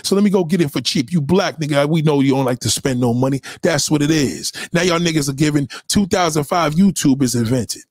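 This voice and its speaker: Casting: man with a high, reedy voice, ranting hard into a close dry mic, profane and confrontational. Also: a little fast, few pauses, no room sound. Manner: profane, confrontational, swings between loud and low. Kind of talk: ranting monologue.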